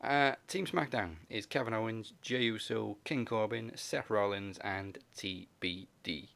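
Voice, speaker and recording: A man's voice: on the low side, measured pace, gravelly, a bit bright. A man hosting a casual wrestling podcast, laughing often as he moves through the segments. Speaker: podcast host.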